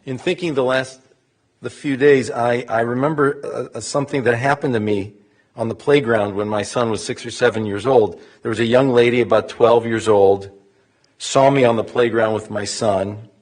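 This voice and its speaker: A man's voice: medium pitch, fairly even intonation. A man officiating a funeral, reading scripture in Hebrew and English and then telling a story in a eulogy. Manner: reads Hebrew quickly, then English with measured solemnity.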